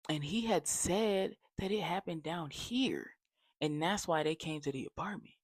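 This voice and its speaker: A young adult man telling a casual storytime, animated and slangy, dropping to whispers for effect. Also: fairly high pitch, measured pace, dry recording. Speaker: vlogger.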